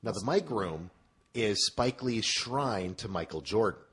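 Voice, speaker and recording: A man's voice: lowish voice, slightly rough. A man co-hosting a podcast, telling stories in casual chat and teasing his co-host. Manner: animated, teasing, quick to laugh.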